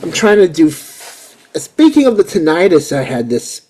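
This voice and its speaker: A man in his forties hosts a casual chat in a fairly high voice that rises and falls a lot. He gets excited easily, rambles and repeats himself. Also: normal speed, slightly rough. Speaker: host.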